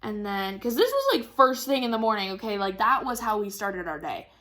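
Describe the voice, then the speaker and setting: A woman's voice: mid-range voice, big pitch swings, fairly quick, fairly bright tone. A young woman chatting casually about her week while crafting, rambling with lots of fillers and frequent laughs. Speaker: craft vlogger.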